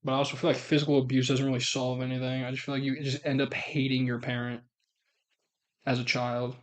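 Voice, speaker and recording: A man's voice: mid-range voice, level tone, brisk. A man streaming, chatting casually with a guest in a blunt, joking way and swearing freely.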